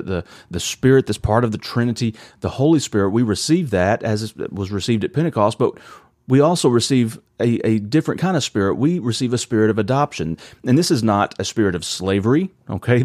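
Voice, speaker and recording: A man's voice: fairly low pitch, a little mellow, dry recording, clean studio sound. A man in his thirties preaching a sermon, earnest and conversational, asking the congregation rhetorical questions.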